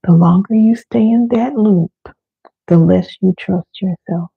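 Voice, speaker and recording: A woman with a husky, gravelly voice leads a slow, soothing live self-help session. The sound is thin and phone-like, and the room is dry with no echo. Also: mid-range voice. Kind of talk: live-streamed guided wellness talk.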